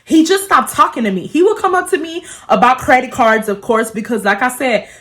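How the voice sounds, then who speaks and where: A woman in her twenties telling a storytime vlog, animated and full of profanity as she gossips. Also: high voice, a little fast. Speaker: beauty vlogger.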